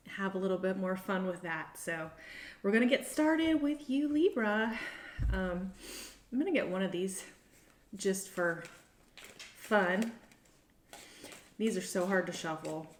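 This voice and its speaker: A middle-aged woman giving a casual tarot reading to camera, chatty and meandering as she thinks aloud. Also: medium pitch. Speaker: tarot reader. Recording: roomy echo.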